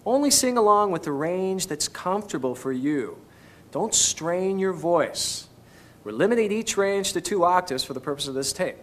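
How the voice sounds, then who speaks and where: A man's voice: high-pitched, lively intonation, normal speed. A man teaching singing on an instructional video, patiently coaching each step. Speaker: vocal instructor.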